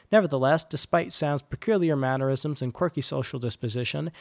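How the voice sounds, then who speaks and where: A man narrating a chapter of a storybook in an even storytelling manner. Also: mid-range voice, creaky, no echo, clean studio sound. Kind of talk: audiobook narration.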